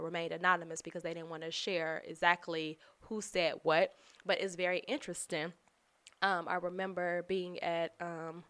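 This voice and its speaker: A woman who works as a production manager, casually and candidly telling workplace stories, swearing freely as she gets animated. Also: lowish voice. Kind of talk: casual storytelling.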